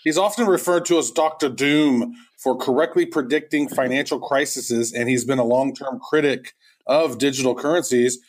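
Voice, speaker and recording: A man of ordinary, mid-range pitch co-hosts a podcast, talking in a loose, rambling way. He often restarts his sentences and keeps things informal. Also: normal speed. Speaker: podcast co-host. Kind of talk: casual podcast chat.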